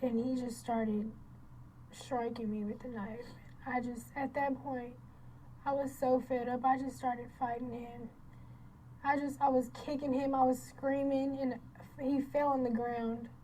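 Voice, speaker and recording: High-voiced woman giving shaken testimony. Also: little pitch movement, dark tone, slight background noise, poor audio. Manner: halting, repeats and restarts, voice breaking into tears at times. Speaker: crime victim recounting an attack. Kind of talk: emotional first-person testimony.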